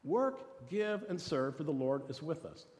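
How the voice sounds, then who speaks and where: Lively man preaching in a reverberant hall. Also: a little high, measured pace. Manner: animated, conversational preaching with restarts and rhetorical questions. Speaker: pastor. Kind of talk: sermon.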